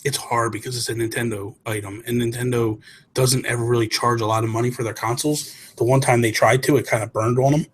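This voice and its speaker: A husky-voiced man hosts a relaxed gaming talk show. He tells stories excitedly, rambling and correcting himself as he goes, in a casual conversational tone. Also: mid-range voice, quick pace. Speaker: podcast host. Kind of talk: casual chat, storytelling.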